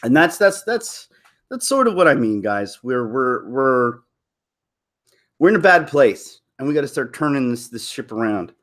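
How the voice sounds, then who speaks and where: A man's voice: mid-range voice, very animated, moderate pace, fairly bright tone. A man talking through his opinions in a casual vlog, rambling with many restarts and laughing at his own jokes. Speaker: YouTube commentator.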